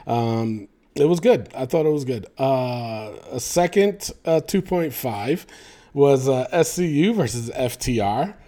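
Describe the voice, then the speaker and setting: Man, podcast host, opinionated rant, warm mellow tone, slightly high voice. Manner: opinionated, animated, swearing, many fillers. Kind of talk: solo wrestling podcast rant.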